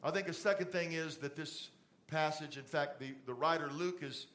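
A middle-aged man preaching a conversational sermon in a church, dropping to a soft fatherly voice for asides. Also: on the high side, moderate pace. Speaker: pastor. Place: church stage with TV lights.

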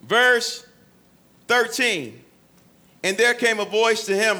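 A man preaching a sermon, acting out scripture quotes in voices and swinging between loud and soft delivery. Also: high voice, takes it slowly, pauses often. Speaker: pastor.

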